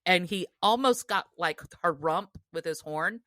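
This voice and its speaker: A woman co-host tells a story with plenty of energy and laughter. Her voice is bright and forceful, recorded close and dry. She breaks into shouted quotes now and then. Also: on the low side, a little slow, no echo. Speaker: podcast co-host. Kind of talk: animated storytelling.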